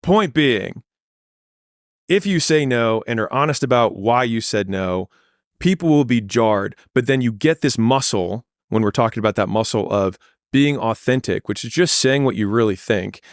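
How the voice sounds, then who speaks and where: A man's voice: medium pitch, animated, normal speed, no echo, studio quality. A man in a candid podcast conversation, talking in a blunt, plainspoken and reflective way.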